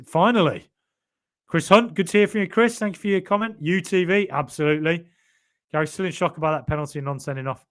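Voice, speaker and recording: A chatty middle-aged man runs a casual podcast stream, answering viewer comments one after another. He talks in a loose, rambling way, doubling up words and restarting sentences, and throws in jokey asides. His voice sits at an ordinary middle pitch. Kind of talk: casual live-stream chat.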